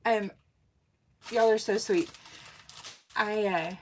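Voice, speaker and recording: A woman in her 40s hosts a casual craft livestream, bubbly and laughing often as she greets viewers by name. Her mid-range voice is steady, slow, and a little mellow, with a slight hiss or hum in the recording.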